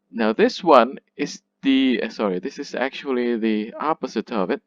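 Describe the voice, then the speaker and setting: A man lecturing on poetry, speaking deliberately, repeating and restarting his phrases as he explains. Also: mid-range voice, dry recording. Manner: slow, repeats words, restarts. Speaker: literature lecturer. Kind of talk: classroom lecture. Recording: muffled dry recording.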